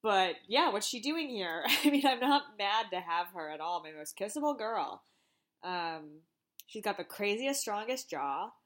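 A woman's voice: medium pitch, animated, unhurried, fairly bright tone. A woman with a mid-range voice co-hosting a podcast in casual chat. She tosses in dry, wry asides as she talks. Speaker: podcast co-host.

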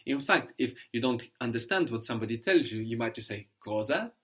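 A man's voice: mid-range voice, animated, fast talker, fairly bright tone. A man teaching a language lesson, explaining patiently step by step and checking in with "no?".

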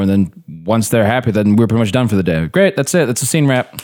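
Low-voiced actor guy, casual, swears a lot, loose and animated telling stories. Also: fast, few pauses. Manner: relaxed, profane, animated storytelling. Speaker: actor, podcast guest. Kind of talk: casual storytelling chat.

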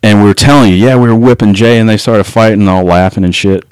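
Low-voiced man telling a wild story. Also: fast, a little mellow, smooth, no room sound. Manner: profane, laughing anecdote-telling. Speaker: guest. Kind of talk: casual storytelling.

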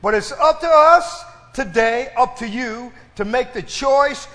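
Speaking a little slowly, a man with an extremely high, sharp-toned voice gives a sermon in church. He stretches his phrases for emphasis and prompts the congregation to respond, and the hall's reverberation fills the recording.

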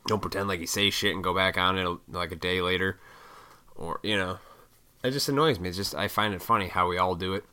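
A low-pitched man rants in a loose, profane monologue. His voice is bright and forceful. Now and then he slips into mocking falsetto impressions of other people. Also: a little fast, clear, resonant tone. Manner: profane, sarcastic, mocks others in high voices. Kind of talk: casual rant.

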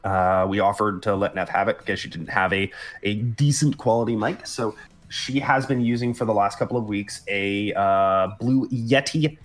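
A man hosts a casual gaming podcast on a home podcast mic, chatting loosely with fillers and casual swearing. His voice is on the low side, with fairly even intonation and a moderate pace.

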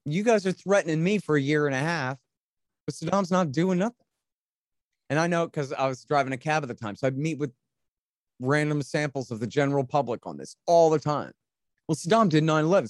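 A man's voice: mid-range voice, a little mellow, no echo. A man giving heated, sarcastic political commentary, often mocking other people's voices. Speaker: podcast guest.

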